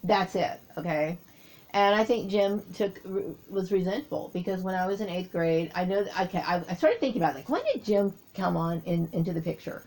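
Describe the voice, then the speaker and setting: In a rambling monologue, a woman talks through a personal memory, often pausing as she searches for words. Her voice is fairly low and a little mellow, and the audio quality is poor.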